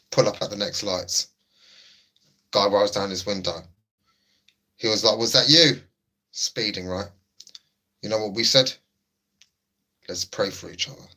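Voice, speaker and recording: A young man hosts a livestream, laid-back and jokey as he chats casually and reads viewer messages aloud. His voice is fairly low, with a pushed, bright quality.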